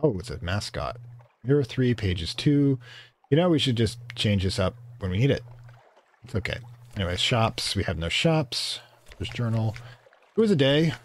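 A man's voice: lowish voice, expressive, moderate pace. A man hosting a let's play, reading the game's text aloud, stumbling over words and correcting himself between casual remarks. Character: shy albino rat tinker, male.

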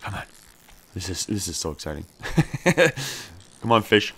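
A man's voice: low-pitched, big pitch swings, measured pace, pushed and bright, husky. A man playing a survival game and chatting through it, talking to his character and cheering on each catch. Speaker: gameplay streamer. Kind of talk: casual let's-play commentary.

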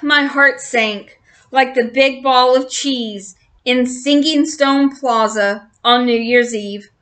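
A woman reading a children's chapter book aloud in an expressive storyteller's manner. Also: high-pitched. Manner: slow, expressive.

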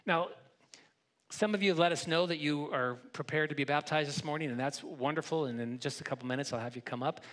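A man's voice: on the high side, fast, a bit bright. A man preaching a sermon as pastor in a church, talking conversationally and often restarting and repeating words. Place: church sanctuary.

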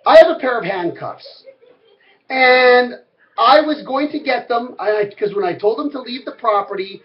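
High-voiced man ranting, profane and heated. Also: animated, moderate pace, lo-fi sound. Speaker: vlogger. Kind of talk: angry rant to camera.

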